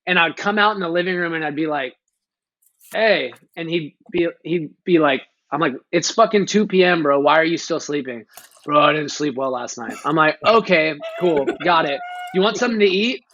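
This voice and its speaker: A man's voice: on the high side, moderate pace, a bit bright. A man, a guest on a chat podcast, teasing a friend in profane, slangy talk. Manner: profane, teasing, heavy on 'bro'. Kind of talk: casual chat. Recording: slightly dull lo-fi sound with faint noise.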